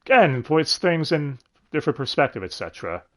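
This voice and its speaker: Animated man reviewing an anime dub. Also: fairly high pitch, fairly quick. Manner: animated, swearing, laughs often. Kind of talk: casual chat.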